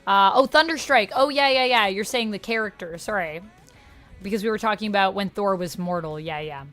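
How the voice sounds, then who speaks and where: Woman streamer, casual chatty host reading chat, soft music behind. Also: mid-range voice, fairly quick. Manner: chatty, reads and answers chat aloud. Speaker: livestream host. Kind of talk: casual just-chatting livestream.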